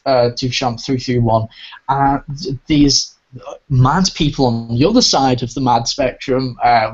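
A man hosting a casual podcast review, talking with keen enthusiasm and rambling through frequent restarts. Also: medium pitch. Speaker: podcast host reviewing audio dramas. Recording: dull lo-fi recording.

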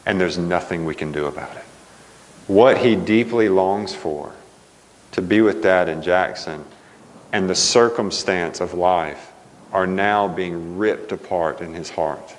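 A middle-aged male pastor giving a sermon, telling a family story with lively quoted dialogue. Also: low voice. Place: church sanctuary. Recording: long church reverb.

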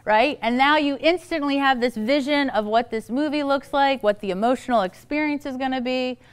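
A woman with a fairly high, clear, smooth voice gives a talk to a live audience. She tells a story and acts out the people she quotes with lively energy. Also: moderate pace. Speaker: speaker giving a parenting talk. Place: event hall.

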